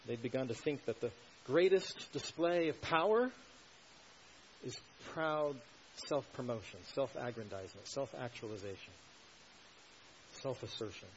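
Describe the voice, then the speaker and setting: Preacher, male, mid-pitched, punches key words, muffled recording with faint hiss. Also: animated, measured pace, pauses often. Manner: emphatic, swells to loud stresses, asks rhetorical questions. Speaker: pastor. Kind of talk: expository sermon.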